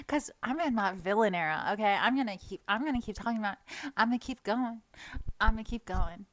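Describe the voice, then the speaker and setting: Into a desk mic, a young woman with a medium-pitched, fairly bright voice rants briskly for her storytime vlog. The recording is dry, and she gets heated and profane, mocking the people she talks about.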